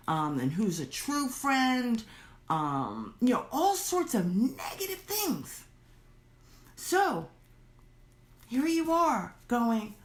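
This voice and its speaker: A woman teaching a workshop in a chatty, animated way, acting out the worried inner voices of her listeners. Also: fairly high pitch, drawn-out words, pauses often. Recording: roomy echo.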